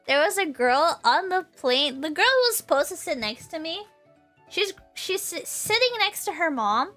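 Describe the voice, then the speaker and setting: A woman's voice: high voice, pushed and bright. A young woman hosting a casual livestream chat, rambling through stories and breaking into giggles. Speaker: livestream host.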